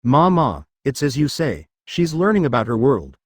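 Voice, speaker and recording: A man's voice: mid-range voice, sing-song, normal speed, dry recording, clean studio sound. Man reading as jovial young ogre prince. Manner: jovial, easygoing. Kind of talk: fan fiction reading.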